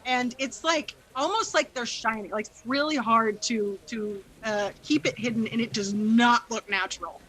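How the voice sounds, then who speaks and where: Chatty high-voiced woman game master. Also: moderate pace, few pauses, fairly bright tone, breathy edge, low-quality recording. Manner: casual, chatty, many fillers. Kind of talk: narrating a tabletop game.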